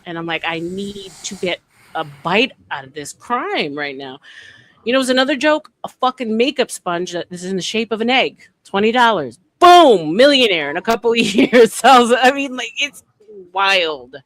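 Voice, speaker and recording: A woman's voice: medium pitch, moderate pace. A woman hosting a stream, chatting casually and emphatically. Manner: animated, emphatic storyteller. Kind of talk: casual chat.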